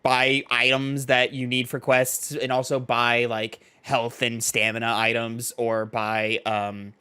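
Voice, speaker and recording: A young man co-hosting a casual chat show, retelling scenes in a lively way and acting out the quoted lines. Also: medium pitch, takes it slowly, clean tone. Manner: animated storytelling, acts out quoted lines. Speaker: podcast co-host.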